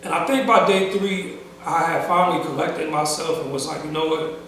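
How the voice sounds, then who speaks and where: A young man telling a personal story in a casual vlog, speaking slowly and emotionally with many pauses, restarts and casual slang. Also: fairly high pitch, fairly even intonation, a bit bright, slight background noise. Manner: casual slang-filled speech. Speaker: vlogger. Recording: roomy echo, voice from a distance.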